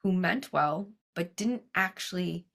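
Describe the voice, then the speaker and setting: Gravelly-voiced woman telling her story. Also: fairly low pitch. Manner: animated storyteller, acts out her own past dialogue; frequent "like" and quick asides. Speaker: guest, cancer coach. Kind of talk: casual storytelling interview.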